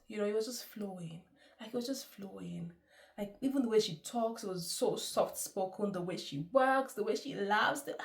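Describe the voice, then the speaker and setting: A woman giving a chatty, effusive film review, laughing often. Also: mid-range voice. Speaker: movie reviewer. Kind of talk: casual movie review.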